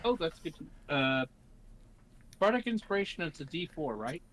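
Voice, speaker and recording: Lively bright-voiced man playing a tabletop game. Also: fairly high pitch, normal speed. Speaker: player. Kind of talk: casual tabletop game chat.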